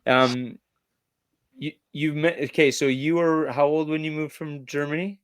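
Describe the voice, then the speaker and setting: A man hosting a casual podcast, throwing out jokey, playful questions. His voice is smooth and clear, and it is recorded dry and close, with no room sound. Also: on the high side, little pitch movement, normal speed, no echo. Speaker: podcast host. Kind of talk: casual interview chat.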